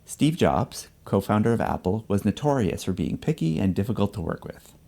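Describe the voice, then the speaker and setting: A man giving measured, scripted narration for an explanatory video essay. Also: on the low side, big pitch swings, gravelly, dark tone.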